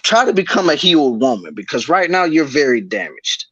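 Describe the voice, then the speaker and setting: A man's voice: fairly high pitch, sing-song, a little fast, a bit bright, slightly rough, no echo, lo-fi sound. A man co-hosting a podcast, giving blunt, profane, mocking commentary in a casual chat. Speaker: podcast co-host.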